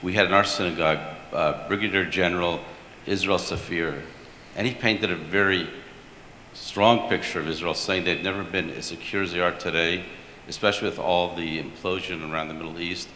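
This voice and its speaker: A man's voice: deep voice, steady tone, a little fast, pushed and bright. A man in the audience asking a long, polite question. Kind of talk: question from the floor. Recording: roomy hall with faint hiss.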